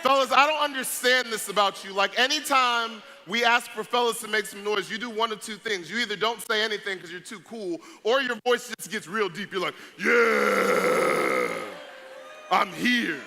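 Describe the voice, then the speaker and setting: Young male emcee, high and bright, playful crowd banter, noisy live hall. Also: brisk, hardly any pauses. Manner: playful, hype, joking with audience. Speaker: youth event speaker. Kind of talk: energetic stage talk to a crowd. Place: large event hall with audience. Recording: noisy live event recording.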